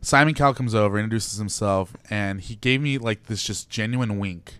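A young man, a guest, chatting casually and telling stories in an animated way. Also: lowish voice, moderate pace, clear, resonant tone, no room sound. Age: young adult. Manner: animated storyteller, laughs often. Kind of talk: casual chat.

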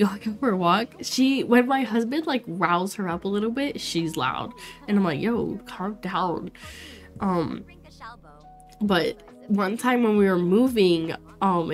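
A woman in her twenties chatting casually and bubbly with viewers while streaming a game, laughing often. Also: medium pitch. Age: 20s. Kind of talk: casual livestream chat while playing.

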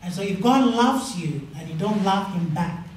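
A man preaching a sermon as pastor, telling stories and acting out the dialogue with rising pitch. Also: expressive, moderate pace, recorded from a distance, a little hiss or hum. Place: church. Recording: echoey church hall, mic from afar.

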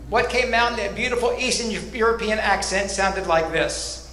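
A middle-aged man telling cruise stories in a stand-up set, pausing before his punchlines. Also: high voice, slight background noise. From Louisville, Kentucky. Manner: deadpan storytelling with punchline pauses. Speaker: stand-up comedian. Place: comedy club stage. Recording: echoey room with faint ambience.

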